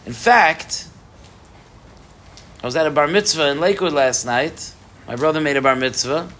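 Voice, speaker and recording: A man teaching a Torah class to a live group, animated, with rhetorical questions and frequent restarts. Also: on the high side, moderate pace, a little hiss or hum.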